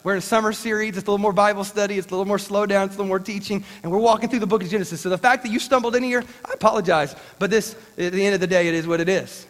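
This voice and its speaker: A man's voice: sits high, rapid-fire, hardly any pauses. A male pastor delivering a sermon in a conversational, folksy way with jokey asides. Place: church sanctuary. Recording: church hall reverb.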